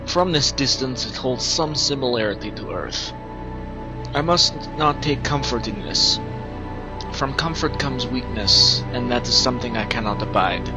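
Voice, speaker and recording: A man's voice: mid-range voice, dull audio, lightly acted. A man putting on a Russian accent to read a stern colony leader's solemn words. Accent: put-on Russian.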